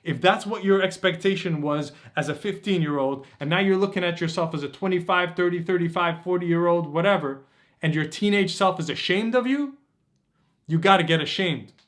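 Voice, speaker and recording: A man's voice: sits high, normal speed, fairly bright tone. A man giving a motivational dating-coach workshop talk, intense, preachy and profane.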